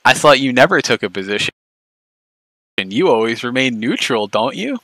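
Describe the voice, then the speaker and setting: A man's voice: mid-range voice, very animated, moderate pace, sharp tone, dry recording, poor audio. A man ranting angrily on a livestream, profane, mocking and confrontational. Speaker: streamer. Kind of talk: angry livestream rant.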